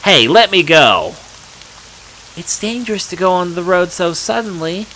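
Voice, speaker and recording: A man's voice: high voice, expressive, measured pace, sharp tone, a little hiss or hum, pitched above the performer's own voice, exaggerated voice, low-quality recording. A man voicing a mysterious, pushy teenage girl who teases and presses with questions. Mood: insistent. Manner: teasing, forward.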